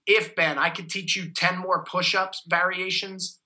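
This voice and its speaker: A man's voice: sits high, flat delivery, a little slow, pushed and bright, poor audio. A man, giving an enthusiastic, motivational interview as a fitness coach. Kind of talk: energetic interview talk.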